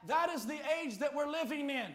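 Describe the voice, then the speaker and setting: A man preaching a sermon, telling a story and rising to shouted appeals. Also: very high voice, lively intonation, fairly quick. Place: church. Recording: echoey church hall.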